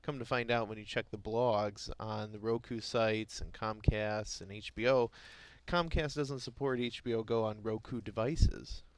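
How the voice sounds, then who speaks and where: A man's voice: on the low side, fairly even intonation, a little slow, hardly any pauses, smooth, dry recording. A man co-hosting a morning market show, chatting and then reading news headlines with occasional stumbles and self-corrections. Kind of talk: casual chat and news reading.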